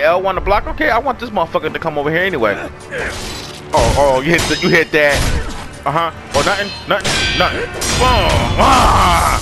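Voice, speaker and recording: A young man casually commenting on his gameplay, loud and excitable, cursing and trash-talking the enemies. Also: on the high side, creaky. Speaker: gaming channel host.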